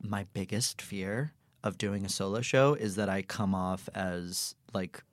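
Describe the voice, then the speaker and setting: A man hosting a podcast, chatting in a warm, encouraging and reflective way. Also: low-pitched, steady tone, measured pace, dry recording, studio quality. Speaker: podcast host. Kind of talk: casual chat.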